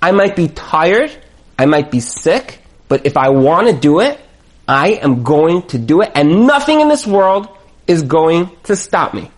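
A man giving an emphatic motivational talk as a marriage coach, hammering home his points with repetition. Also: on the high side.

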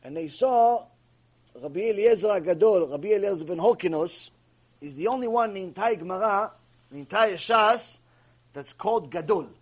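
A man's voice: high-pitched, lively intonation, normal speed, breathy edge. A man giving a mussar lecture as a Torah teacher. He is emphatic, repeats himself and asks many rhetorical questions.

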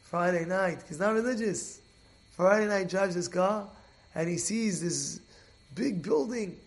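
A man teaching a Torah class as an animated storyteller who repeats and restarts his phrases. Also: high voice, a little slow.

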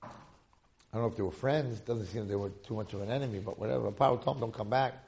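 A man's voice: on the low side, fast, gravelly, a little hiss or hum. A man teaching a Torah class, telling a story animatedly and addressing his listeners. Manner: animated storyteller, talks to audience.

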